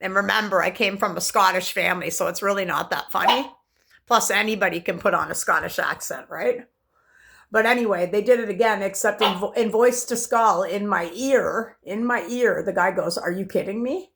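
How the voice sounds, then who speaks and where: A woman's voice: mid-range voice, moderate pace, gravelly, background noise. A woman talks to camera in a long, rambling monologue, intense and swearing freely as she jumps from topic to topic. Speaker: vlogger.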